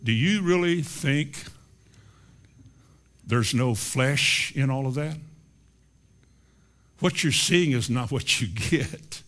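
Guy preaching a sermon, average pitch, gets loud and fast then real quiet and slow, reads verses slow. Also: lively intonation. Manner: reads scripture slowly and deliberately.

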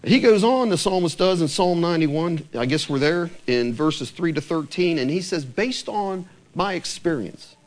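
A man preaching in a church sanctuary, his voice fairly high and swinging widely in pitch. He asks the congregation rhetorical questions and drops lower and slower to read scripture. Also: animated. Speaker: pastor. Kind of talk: sermon.

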